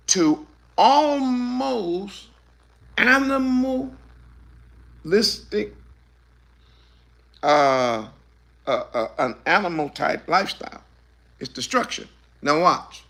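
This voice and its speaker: A man preaching a fiery sermon, emphatic and repetitive, swinging between quiet remarks and shouted lines in loose, casual grammar. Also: a little high, lively intonation, a little slow.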